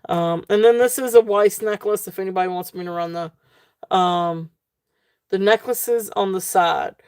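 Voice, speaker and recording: A woman hosts a live online jewelry sale in a loose, chatty way, filling pauses with ums as she describes each piece. Her voice sits at an ordinary middle pitch. The sound is dry and close, with little room around it. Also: clear, resonant tone, dry recording. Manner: chatty, many ums, relaxed and tired. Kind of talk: casual live-stream selling.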